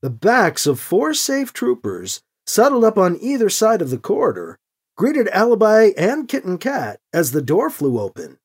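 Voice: mid-range voice, huge pitch swings, moderate pace, slightly rough. An audiobook reader narrating a science fiction story and voicing each character.

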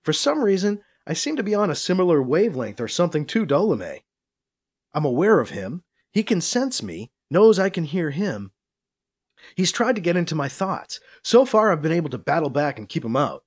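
A man's voice: fairly high pitch, big pitch swings, moderate pace, voice pushed up. A man voicing B C, a bold male team member who argues hard for his ideas. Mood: thoughtful. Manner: argumentative, persuasive.

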